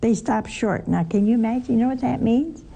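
A woman teaching a Bible study in a lively way, asking her listeners questions and adding wry humor. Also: fairly high pitch, fairly quick, creaky, slightly rough.

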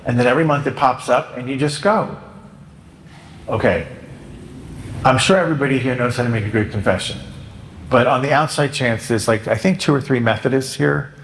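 A man, a priest, giving a conversational sermon with jokes, acting out confessions in a lively way. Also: medium pitch, a little fast, pauses often, slight background noise. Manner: conversational, joking, acts out penitents and himself. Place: church. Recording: echoey church with long reverb.

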